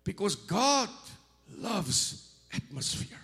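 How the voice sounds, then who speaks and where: A middle-aged man from South Africa preaching as a guest speaker. His voice sits a bit high for a man, and he stumbles over and repeats words as he builds. He keeps rising into loud, animated bursts. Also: slow pace, vocal fry. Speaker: visiting preacher. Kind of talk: sermon.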